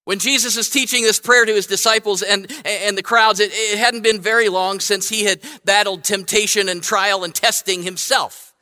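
A man's voice: high voice, fairly even intonation, moderate pace, sharp tone. A man preaching a sermon as pastor, reading a children's story aloud and talking conversationally, often correcting himself and asking "right?". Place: church sanctuary. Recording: long hall reverb.

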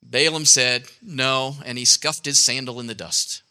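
A man's voice: mid-range voice, fairly even intonation, normal speed, pushed and bright, smooth. A man telling a Bible story aloud to an audience, ad-libbing playfully and directing volunteers who act it out. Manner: playful, ad-libbing, self-correcting.

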